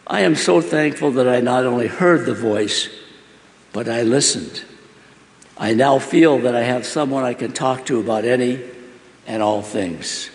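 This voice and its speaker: A man's voice: medium pitch, a little slow. A man giving an emotional first-person testimony, earnest and pleading as he asks many questions. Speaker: storyteller. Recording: roomy hall with long reverb.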